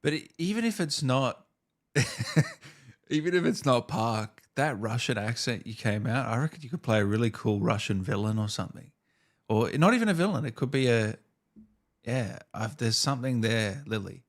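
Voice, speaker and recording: A man's voice: mid-range voice, expressive, moderate pace. A man hosting a casual interview, asking curious questions with friendly hesitations. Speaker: host.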